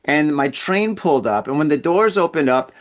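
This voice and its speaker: A man's voice: a little high, animated, moderate pace. A man hosting a podcast, telling a long casual story in a rambling way, stammering and repeating his words. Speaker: podcast host.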